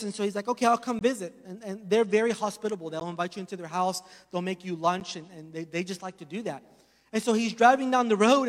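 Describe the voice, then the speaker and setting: Male pastor, very high voice, storytelling sermon with loud peaks and quiet asides, long hall reverb. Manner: storytelling preacher, swings from loud emphasis to hushed asides.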